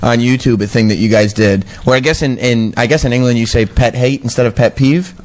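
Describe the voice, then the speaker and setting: A man's voice: mid-range voice, steady tone, fairly quick. A man, a radio show host asking easygoing, jokey questions in a casual interview.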